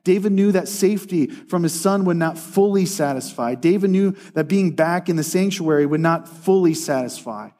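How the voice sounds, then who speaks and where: Guy preaching a sermon, kinda high voice, earnest, slows way down for the verses. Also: dark tone. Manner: earnest, slows to read scripture aloud.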